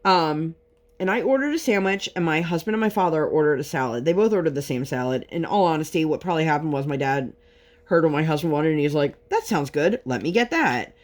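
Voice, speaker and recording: Working on a craft, a woman vlogger spins a long tale of frustration in a casual, talkative way, exasperated and packed with fillers. She has a deep, slightly mellow voice and speaks animatedly at a fairly quick clip.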